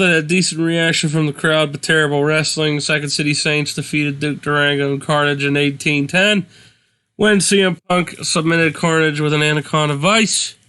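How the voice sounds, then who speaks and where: A man's voice: a little high, bright, forceful tone, clean tone. A man co-hosting a casual game commentary, laid-back and blunt as he reads out match results. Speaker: let's play co-host.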